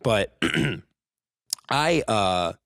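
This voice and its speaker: A man's voice: on the low side, very animated, very slow, creaky, a bit bright, dry recording. Casual male podcast guest, storyteller who mimics people, dry close sound. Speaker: guest, jiu-jitsu competitor.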